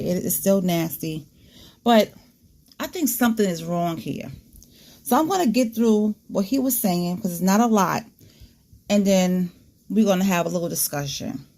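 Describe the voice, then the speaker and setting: Woman host, gravelly tone, frank casual commentary to her audience. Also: mid-range voice, a little mellow. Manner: candid, disgusted asides, talks straight to viewers.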